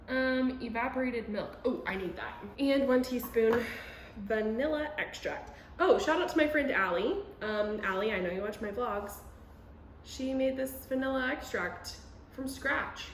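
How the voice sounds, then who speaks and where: A young woman chatting excitedly and making fun of herself while baking in her home kitchen for a vlog. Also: on the high side, moderate pace, echoey room, a little hiss or hum. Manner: chatty, excitable, self-mocking. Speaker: vlogger. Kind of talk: casual cooking vlog.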